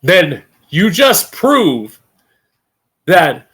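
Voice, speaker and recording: A man's voice: high voice, sing-song, a bit bright, slightly rough. Blunt, profane man ranting on a stream. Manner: emphatic, drawn-out stress on key words. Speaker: streamer hosting his own opinion show. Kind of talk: ranting political commentary.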